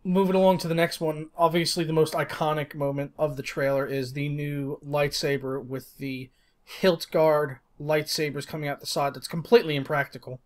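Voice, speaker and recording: A young man co-hosting a podcast, chatting casually, relaxed, laughing and swearing now and then. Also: on the high side, normal speed. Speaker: podcast co-host. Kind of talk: casual chat.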